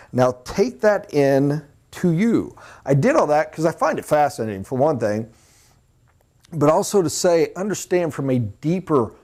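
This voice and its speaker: Animated male sales trainer. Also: medium pitch. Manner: animated, emphatic, mock voices for examples. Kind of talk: live sales training talk.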